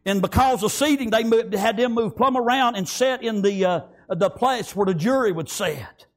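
Preacher guy, high voice, goes from whispering to shouting glory. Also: moderate pace. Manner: swings from hushed whispers to loud shouted praise. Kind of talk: sermon storytelling.

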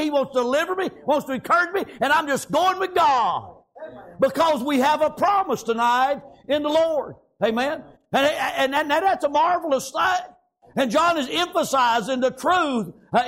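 A man preaching a revival-style sermon, reading scripture slowly, then breaking into emphatic shouts with frequent amens and praise Gods. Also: very high-pitched. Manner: drawn-out scripture reading with pauses; breaks into shouts on key points.

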